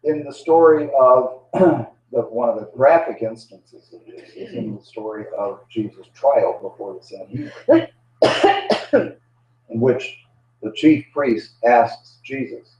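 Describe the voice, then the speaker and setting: A man presenting a lecture on biblical storytelling, speaking haltingly with frequent fillers. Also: mid-range voice, animated, dark tone. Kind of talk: lecture to a live audience. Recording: dull, distant, echoey room sound.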